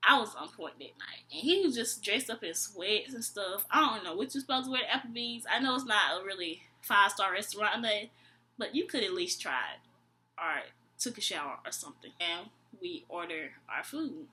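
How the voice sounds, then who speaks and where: A woman's voice: mid-range voice, moderate pace, slight background noise. A young woman vlogger telling a storytime tale in a slangy, exasperated way, acting out both sides of the conversation. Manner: animated, acts out both sides of the dialogue. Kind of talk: storytime vlog.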